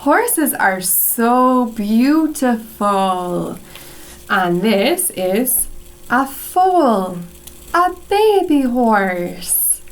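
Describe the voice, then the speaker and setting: Slow sing-song woman teacher. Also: a little high, big pitch swings. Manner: slow, sing-song and encouraging, with questions to the children. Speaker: English teacher for young children. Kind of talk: slow storybook reading lesson for kids.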